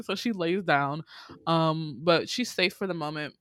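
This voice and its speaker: A young adult podcaster recapping a film in a casual, profane ramble, full of fillers, asides and quick laughs while quoting the characters. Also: medium pitch, a bit bright. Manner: swears freely, laughs often, quotes characters.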